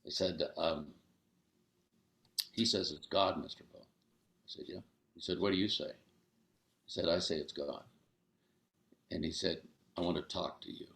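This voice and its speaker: An older man, a guest author, tells a story with animated energy and acts out each voice. His voice is very deep and gravelly. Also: a little slow, long pauses, reverberant. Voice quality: gravelly low voice. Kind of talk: storytelling in an interview.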